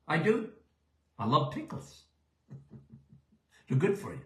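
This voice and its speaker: A man's voice: fairly high pitch, huge pitch swings, slow, fairly bright tone, reverberant. An older man hosting a live Q&A show as a doctor answering listener questions, folksy and emphatic, often checking in with "okay?".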